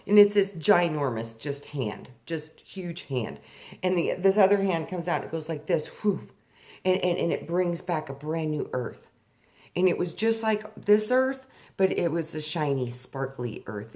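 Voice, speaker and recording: Here a spiritual speaker recounts personal experiences, quiet and unhurried when the meaning runs deep. Reliving memories makes her animated, with a sharp rise in her voice as she portrays her younger self.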